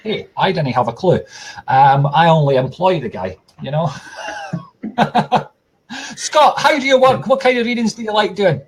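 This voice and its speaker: A man's voice: sits high, lively intonation, unhurried, breathy edge. A man hosting a casual live stream as a psychic medium, chatty and joking, addressing viewers as folks from a tablet at home. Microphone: tablet device.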